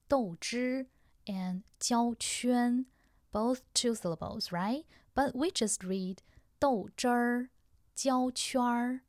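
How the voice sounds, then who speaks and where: A woman with a Chinese accent co-hosting a podcast, teaching slowly and repeating words carefully for learners. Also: medium pitch, no echo, studio quality. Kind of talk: slow language lesson chat.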